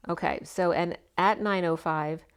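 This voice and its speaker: A woman giving a casual spoken tarot reading, chatty and meandering, her voice slightly hoarse. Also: fairly low pitch, steady tone, measured pace. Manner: chatty, meandering, full of asides. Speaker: tarot reader.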